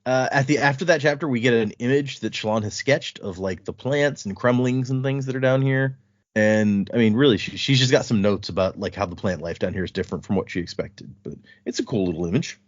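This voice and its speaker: A podcast co-host with a medium-pitched, fairly quick voice casually discusses a book, retelling scenes and quoting characters in playful voices. The audio is dry, muffled and lo-fi.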